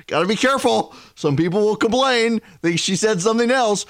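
A man, hosting a talk radio show in an animated, wry way with frequent fillers. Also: sits high, measured pace, long pauses. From Louisiana. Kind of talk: opinionated talk radio monologue.

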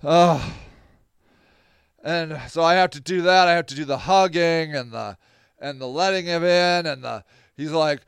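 Podcast host, male, high smooth voice, lively storyteller acting out quotes, close dry mic. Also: measured pace, dry recording. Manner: animated, acts out quoted voices, laughs often. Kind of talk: casual storytelling monologue.

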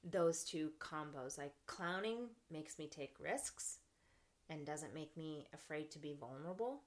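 A young woman talking in a casual podcast interview, animated, laughing often and acting out her own thoughts. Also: low voice, a little slow. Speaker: podcast guest, actress and clown.

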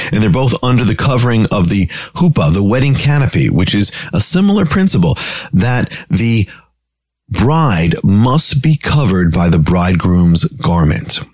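A man's voice: mid-range voice, a little mellow, dry recording. A man preaching a radio sermon, emphatic, piling up repeated phrases with rising urgency.

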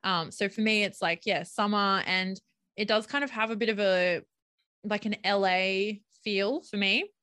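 A young adult Australian woman co-hosts a relaxed podcast conversation. Her voice is bright and forward. It is recorded close and dry, and she rambles happily with plenty of "like" and "um". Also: mid-range voice, unhurried, no room sound. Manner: chatty, lots of "like" and "um". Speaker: podcast co-host. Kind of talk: casual chat.

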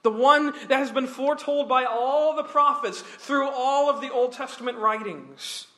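A man's voice: very high voice, moderate pace, bright, forceful tone. A man preaching a Bible study sermon, talking earnestly and emphatically, with some restarts. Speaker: pastor.

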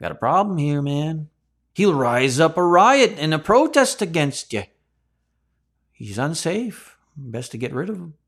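Guy doing sly scheming old-time elders, voice pushed up higher n louder, wheedling and plotting. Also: very animated, unhurried, breathy edge, full character voice. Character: scheming male religious leaders complaining to Rome.

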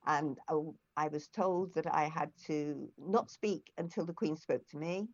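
Chatty older woman with a low voice. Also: measured pace, darkish tone, no room sound, highs cut off. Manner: chatty storyteller with frequent restarts and fillers. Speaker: interview guest, former foster carer. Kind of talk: conversational interview.

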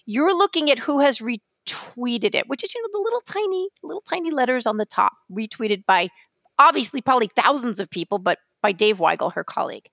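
A woman co-hosting a casual podcast, telling stories in an animated, theatrical way, with swearing and acted-out asides. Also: a little high, a little fast, vocal fry, no room sound, studio quality. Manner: animated, theatrical storytelling with profanity. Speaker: podcast co-host.

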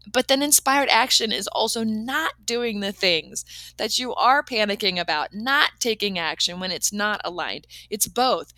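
A woman speaks in a reflective personal monologue, earnest and open, sometimes laughing as she talks. Her tone is bright and forceful. The sound is dry and close, with no room around it. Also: medium pitch, no echo. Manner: earnest and emotional, laughs and gets teary. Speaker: podcast host.

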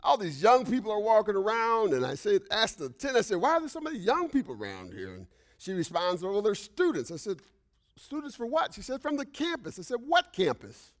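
A male pastor preaching a sermon, telling a personal story with frequent "right?" asides and swings between loud outbursts and hushed whispers. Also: high voice, huge pitch swings, a little fast.

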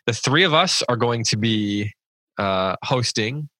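Bright-voiced podcast host. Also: male voice, medium pitch, lively intonation, unhurried, no echo. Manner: playful, rambling with restarts. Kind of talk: casual podcast chat.

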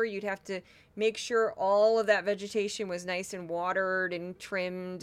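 A woman's voice: mid-range voice, fairly bright tone, clean tone. A woman from Missouri hosting a podcast, commenting sarcastically on news clips. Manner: sarcastic, mocking. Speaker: podcast host.

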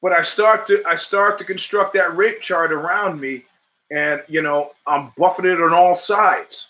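A middle-aged man holds forth as a podcast host in a forceful, bright-edged voice pitched a little above the usual male range. He talks in an emphatic, rhetorical way, firing off questions and repeating phrases to drive points home. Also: fairly even intonation, measured pace. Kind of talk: opinionated monologue.

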